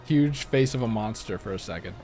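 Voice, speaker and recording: A man's voice: on the low side, animated, fairly quick, over loud music. A young man doing casual let's-play commentary, chatty and rambling, laughing easily. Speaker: game streamer.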